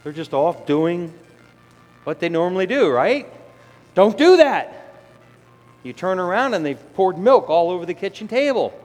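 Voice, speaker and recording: A middle-aged man preaching a conversational sermon who acts out the voices of sinners and children. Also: high voice. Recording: long hall reverb, faint ambience.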